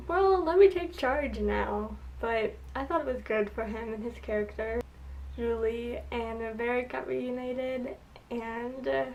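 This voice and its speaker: A young woman talks through a show review in a loose, gushing chat full of "like" and "oh my gosh". Her voice sits a little high. She sounds a bit back from the microphone. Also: far from the mic, muffled recording, slight background noise. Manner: gushing, chatty, lots of "like" and "oh my gosh". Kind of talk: casual chat.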